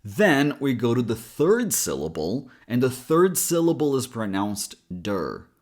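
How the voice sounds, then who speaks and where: Male pronunciation coach, mid-pitched, plain and direct, breaks words down slowly. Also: sing-song, a little mellow. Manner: direct, explains sounds slowly and models them. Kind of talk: pronunciation lesson.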